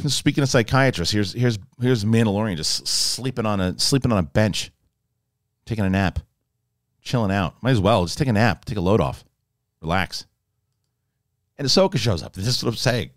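A male host giving a casual spoiler review in an excitable, rambling way. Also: on the low side, normal speed, pauses often, dry recording, studio quality.

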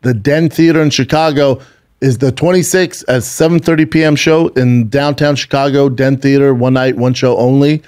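A man's voice: mid-range voice, fairly even intonation, moderate pace, a little mellow. A man co-hosting a casual podcast, brash and profane, plugging his comedy tour dates.

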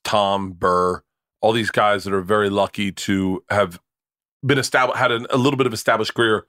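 Guy in his 40s rambling thru a story, lots of restarts, kinda low voice, dry sound. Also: steady tone, normal speed, a bit bright, dry recording. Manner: rambling, stammering restarts, profane. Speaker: guest comedian. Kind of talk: casual podcast storytelling.

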